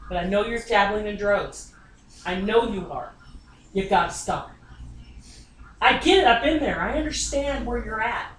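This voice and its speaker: Her voice is medium-pitched and slightly bright as this woman medium reads for someone in their home, bluntly insisting and swearing often. Slight noise, room echo, a far-off mic, and faint ambience mark the audio.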